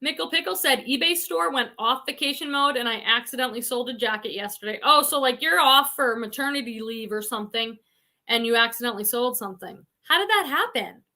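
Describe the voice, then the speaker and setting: Chatty bright-voiced Boston woman. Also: on the high side, fairly quick. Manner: chatty, reads viewer comments aloud. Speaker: reseller livestream host. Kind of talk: casual livestream chat.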